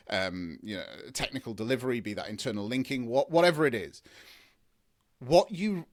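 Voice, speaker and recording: Male guest expert, enthusiastic rambling explainer, restarts often, mid-pitched. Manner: enthusiastic, rambling, frequent restarts and long lists. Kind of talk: conversational explaining in an interview.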